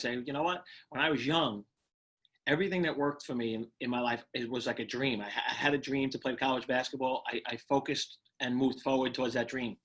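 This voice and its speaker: A middle-aged man from Brooklyn, telling his personal story as an interview guest in an earnest, reflective way with halting restarts. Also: medium pitch, bright, forceful tone, slightly rough. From Brooklyn, New York. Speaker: guest, retired firefighter.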